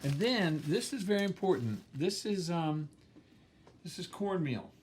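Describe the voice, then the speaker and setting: A man's voice: sits high, animated, unhurried, a little mellow, a little hiss or hum. A man hosting a home cooking show, walking through a recipe in an easygoing, rambling way with plenty of um fillers and chuckles. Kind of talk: casual cooking demonstration. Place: home kitchen. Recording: roomy kitchen, mic at a distance.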